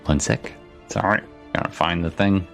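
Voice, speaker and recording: A man narrating a tabletop game as game master, halting with frequent ums and restarts. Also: low-pitched, faint music behind.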